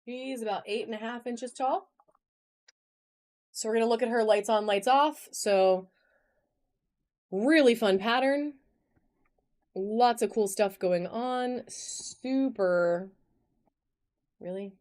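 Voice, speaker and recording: Hosting a live online auction, a woman chats in a bubbly way, greeting viewers by name as she shows items, recorded on a phone camera. Her voice is fairly high and a little mellow, and she speaks slowly with frequent pauses.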